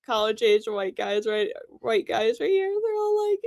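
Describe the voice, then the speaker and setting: A woman's voice: a little high, sing-song, unhurried, a little mellow, no echo, studio quality. A woman hosting casual political commentary, blunt and sarcastic, swearing freely.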